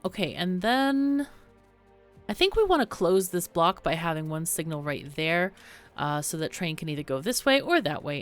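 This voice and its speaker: Slightly hoarse woman narrating gameplay. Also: fairly low pitch, very animated, moderate pace. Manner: chatty and thinking aloud, with fillers. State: slightly hoarse, losing her voice. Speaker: game tutorial host. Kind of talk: casual gameplay commentary. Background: faint background music.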